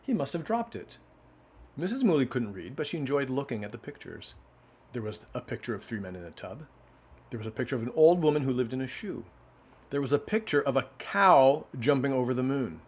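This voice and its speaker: A man reading picture books aloud in a casual way, adding relaxed asides between the stories. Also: medium pitch, fairly quick, slightly rough. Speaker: children's book reader.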